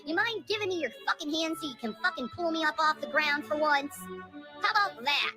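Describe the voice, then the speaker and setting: A woman's voice: sits high, lively intonation, brisk, rough recording. A woman in an angry, profane ranting monologue, stammering and exasperated as she vents. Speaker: vlogger. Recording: cheerful old song playing loudly underneath. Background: music.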